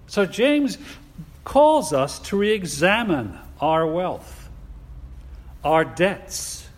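A man preaching with slow, deliberate emphasis in a fairly high voice. He leans on his words and asks rhetorical questions. The sound rings with a long hall reverb. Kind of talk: sermon.

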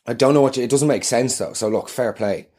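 An Irish man hosting his own show, delivering an animated, sardonic comedic monologue. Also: mid-range voice, fairly quick, husky.

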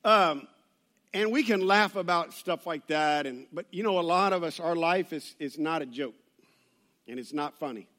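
A man's voice: fairly high pitch, moderate pace, fairly bright tone. A man preaching a sermon in a church, conversational with joking asides and rambling restarts. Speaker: pastor.

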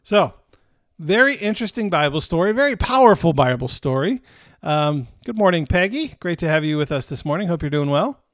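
A male pastor with a slightly high voice gives a relaxed, conversational sermon and repeats key phrases for emphasis. The recording is dry and close, with no room sound. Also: fairly quick, no room sound.

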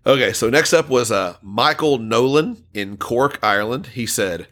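A man co-hosts a relaxed podcast chat, reading listener comments aloud and laughing along. His voice is bright and forceful, at an everyday middle pitch. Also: moderate pace. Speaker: podcast co-host.

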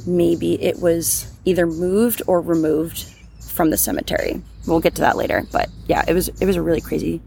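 A woman's voice: lowish voice, steady tone, moderate pace, creaky, a little mellow, a little hiss or hum. A woman co-hosting a true crime podcast, reading the case as a script and then chatting loosely about it with many restarts. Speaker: podcast co-host.

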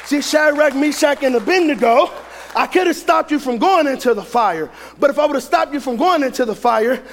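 Man, preacher, very high voice, animated pitch, shouting sermon. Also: fairly quick, some chatter behind, slight background noise. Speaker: pastor.

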